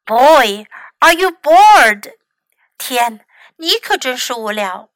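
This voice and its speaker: A woman whose native language is Chinese, teaching English as a teacher and reading lines aloud with clear, careful enunciation. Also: high voice, lively intonation, slow, no room sound, low-quality recording. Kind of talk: bilingual read-aloud lesson.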